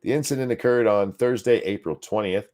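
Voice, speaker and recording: A man's voice: lowish voice, a little fast, a little mellow. A man co-hosting a podcast, reading a news article aloud and breaking off for crude sarcastic remarks. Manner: reads aloud with sarcastic asides and profanity.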